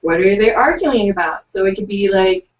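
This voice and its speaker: A woman's voice: mid-range voice, moderate pace. A young woman co-hosting a casual writing livestream, chatty and giggly, reading out participants' lines. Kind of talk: casual chat, reading out submissions. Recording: distant, dull lo-fi webcast audio.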